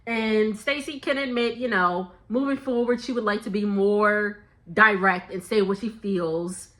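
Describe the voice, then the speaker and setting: Bright, chatty woman recapping reality TV. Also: mid-range voice, a little slow. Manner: chatty, laughs often, quotes people in playful voices. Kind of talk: casual gossip recap.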